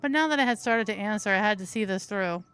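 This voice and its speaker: A woman's voice: medium pitch, fast, fairly bright tone, smooth. A woman hosting a let's play, reading the game's narration aloud with playful, crude asides. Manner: playful, giggly, crude jokes between narration. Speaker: host.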